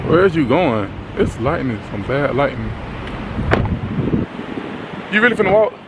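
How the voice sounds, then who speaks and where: This young man is a prankster vlogger shooting a casual prank by a parked car outdoors, first teasing and laughing, then begging. He speaks in a mid-range voice with big pitch swings, taking his time. Traffic and other outdoor noise come through on the handheld camera's audio.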